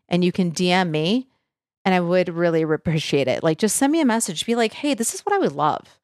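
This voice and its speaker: A woman's voice: medium pitch, dry recording, clean studio sound. A middle-aged woman hosting her own podcast in casual chat, talking to listeners and playing out what they might say. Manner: chatty, animated quoting of listeners. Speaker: podcast host.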